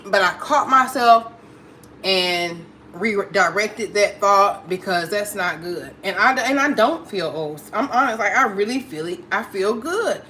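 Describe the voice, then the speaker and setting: A woman's voice: mid-range voice, expressive, measured pace, pushed and bright, slight background noise. A middle-aged woman hosting a casual live stream, chatty and affectionate, greeting viewers and talking through her opinions with many fillers. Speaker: livestream host.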